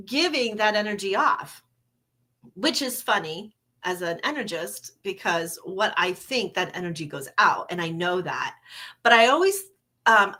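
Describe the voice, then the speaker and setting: A woman's voice: mid-range voice, sharp tone. An older woman hosting her podcast in a candid, casual monologue, laughing now and then and swearing a little. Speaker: podcast host.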